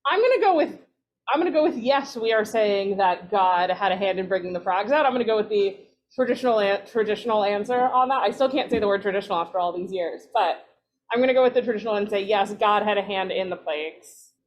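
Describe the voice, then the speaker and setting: A woman, a rabbinic resident, leading a casual text study, chatty, with lively asides and quick self-corrections. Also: medium pitch, lo-fi sound.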